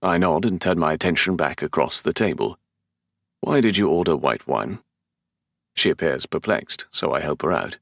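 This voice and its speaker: A man's voice: a bass voice, expressive, moderate pace, creaky, a bit bright, no room sound. A man with a London English accent narrating a romance audiobook in the first person, with a dry, sardonic, exasperated manner. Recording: dry close studio sound.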